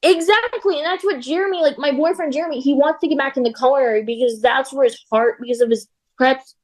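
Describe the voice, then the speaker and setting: Chatty high-voiced young woman. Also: quick pace. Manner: chatty, laughs often, lots of "like". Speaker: guest. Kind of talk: casual chat.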